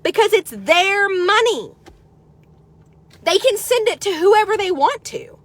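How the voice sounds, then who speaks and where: High-pitched middle-aged lady cussing everybody out on her vlog, sarcastic, loud then mumbly. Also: very animated, a little slow, dry recording. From United States. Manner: heavy swearing, sarcastic, combative; jumps between loud outbursts and low mutters. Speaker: horse trader vlogger. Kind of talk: profane ranting vlog.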